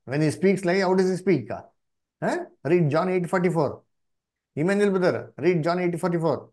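Questioning male preacher, fairly high voice. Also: normal speed, darkish tone. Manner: calls on listeners by name to answer and read; asks questions and repeats the answers back. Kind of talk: Bible study sermon.

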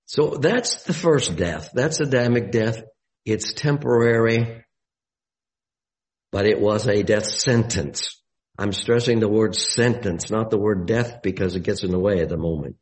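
A man giving a Bible study sermon, deliberate and explanatory, with emphatic rises on key words. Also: lowish voice, a little mellow, rough recording.

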